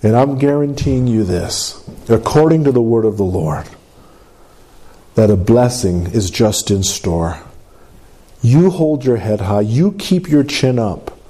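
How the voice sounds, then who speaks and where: A pastor with a dark tone preaches a sermon to his congregation, calling for amens. His delivery swings between high, emphatic lines and low, drawn-out ones.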